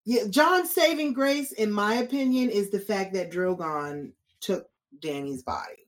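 A woman's voice: medium pitch, a little slow. A woman with a mid-range voice chatting casually and expressively. She swears freely and slips into acted-out quotes. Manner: expressive, profane, acts out quotes. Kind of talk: casual chat.

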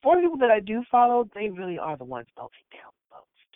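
A woman in casual chat who talks in a measured way, with a pitch that moves a lot. Her voice comes through a thin, phone-like line that sounds close and dry. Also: huge pitch swings, no echo. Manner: measured, turns to loud laughing shouts. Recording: tinny phone-like audio.

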